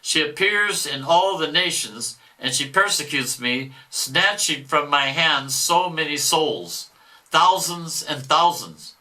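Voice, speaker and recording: A man's voice: a little high, pushed and bright, voice pushed up, full character voice, rough recording. A man reading aloud the words of a spiteful, boastful devil, declaiming with mocking scorn. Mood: gloating. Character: spiteful boastful male devil, gloating and raging.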